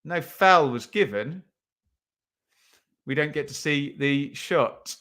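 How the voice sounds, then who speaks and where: A man's voice: a little high, lively intonation, takes it slowly, fairly bright tone. A young man hosting a live football watch-along stream, chatting with viewers, reading out their comments and often saying um. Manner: chatty, reads out chat comments, many ums.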